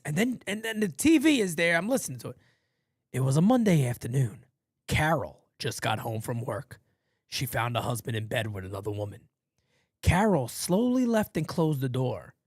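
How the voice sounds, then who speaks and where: A man hosting a casual live fan play-by-play, rambling and swearing between pitches. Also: sing-song, normal speed, slightly rough, no room sound, clean studio sound. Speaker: play-by-play host of a fan channel.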